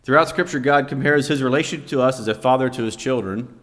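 A man's voice: medium pitch, fast talker, fairly bright tone. A man preaching a sermon, telling a family story to make his point. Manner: storytelling, vividly recounting a scene. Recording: long hall reverb.

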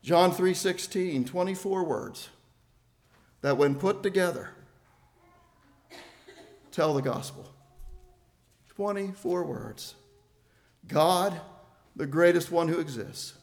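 Older male preacher, high voice, emphatic sermon delivery, loud peaks and soft lows. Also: expressive, slow pace, long pauses. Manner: emphatic, swells loud on key phrases then drops low.

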